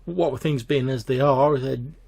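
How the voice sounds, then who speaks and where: A man doing a jittery young guard who trips over his words, repeating each start. The voice sits a touch above his own and comes out husky and gravelly. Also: mid-range voice, normal speed, mellow, no echo, voice pushed up. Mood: nervous. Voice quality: stammering, hesitant. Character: nervous stammering young man, a former river-fisher now a guard.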